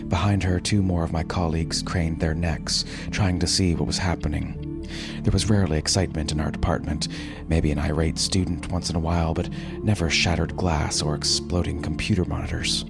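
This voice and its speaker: A man reading a first-person story aloud in a measured, dramatic narrating voice. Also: extremely low pitch, little pitch movement, vocal fry. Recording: narration over background music.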